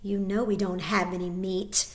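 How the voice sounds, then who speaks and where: A woman voicing a brave, spirited ten-year-old girl who chatters, argues and cries out loud. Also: medium pitch, flat delivery, moderate pace, natural voice. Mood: indignant. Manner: chattery, then angry and tearful.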